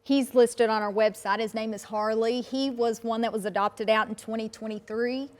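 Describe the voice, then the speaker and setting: A woman with a Southern American accent, volunteering in dog rescue, answers an interviewer's questions plainly. Her voice is a little high and a little mellow, with fairly even intonation and a moderate pace.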